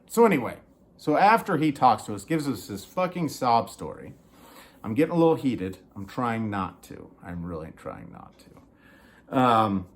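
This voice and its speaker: A man in a small studio apartment, telling a story in a heated, casual rant. He swears often and acts out what other people said. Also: mid-range voice. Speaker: vlogger.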